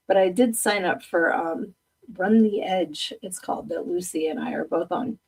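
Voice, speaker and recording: A woman's voice: fairly low pitch, moderate pace, creaky, a little mellow, breathy edge, recorded from a distance. A middle-aged woman hosting a podcast, chatting casually and rambling, laughing often at herself as she reads viewer comments aloud. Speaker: podcast host.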